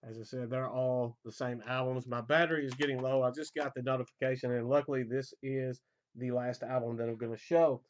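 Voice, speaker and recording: A man in a casual album collection vlog, rambling with fillers, his voice going hoarse. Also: mid-range voice, brisk, dull audio, slight background noise. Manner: relaxed, rambling, frequent fillers and repeated starts. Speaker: metal collector vlogger.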